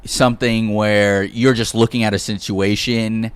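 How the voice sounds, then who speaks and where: A man's voice: lowish voice, little pitch movement, measured pace, smooth, no room sound. A man co-hosting a podcast, talking bluntly and crudely in casual chat. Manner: blunt, crude, acts out quoted lines. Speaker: podcast co-host.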